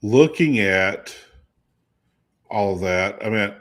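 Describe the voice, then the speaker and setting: A man with a slightly low voice hosts a relaxed talk show. He chats freely and keeps the conversation going with questions. His tone is lively and casual. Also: very slow. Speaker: host. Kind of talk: casual chat.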